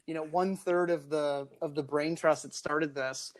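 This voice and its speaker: A man hosting a casual chat podcast, answering in an earnest, measured way. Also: a little high, steady tone. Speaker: host.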